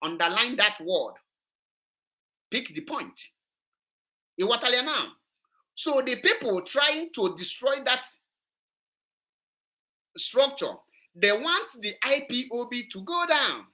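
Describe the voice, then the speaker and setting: A woman's voice: fairly high pitch, sing-song, slow pace, pauses often, bright, forceful tone. A woman, hosting an online show and commenting on a played clip, emphatic and repetitive. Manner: emphatic, repetitive, switches into Igbo.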